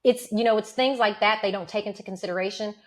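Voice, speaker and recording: A woman co-hosting a podcast in casual chat, telling lively stories about raising her kids and acting out what people said. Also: mid-range voice, fast. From single mother of several children. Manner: animated storyteller, acts out quotes. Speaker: podcast co-host.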